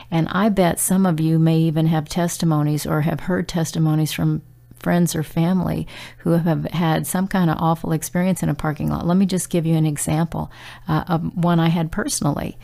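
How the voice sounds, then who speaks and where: A woman's voice: deep voice, gravelly, dark tone. A middle-aged woman giving a casual spoken devotional message, earnest and conversational, with fillers and restarts. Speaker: devotional speaker.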